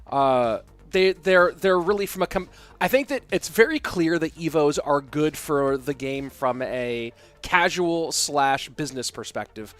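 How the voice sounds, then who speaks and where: A man in his thirties casting an esports stream, his voice sitting a touch high. He talks in a loose, conversational way and thinks aloud as he answers viewers. Quiet music plays underneath. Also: unhurried. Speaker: esports caster. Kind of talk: casual stream chat reading viewer questions.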